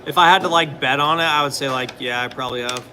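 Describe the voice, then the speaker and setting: A man's voice: mid-range voice, fast talker, bright, forceful tone, a little hiss or hum. A young man talking casually and rambling, full of fillers, now and then answering questions from viewers. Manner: rambling, filler-heavy, laid-back. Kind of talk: casual chat.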